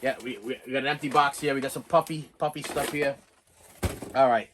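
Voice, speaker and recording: A man with a Boston accent rambling excitedly through a casual unboxing vlog and talking straight to his viewers. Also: mid-range voice, brisk, background noise. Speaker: physical media collector unboxing.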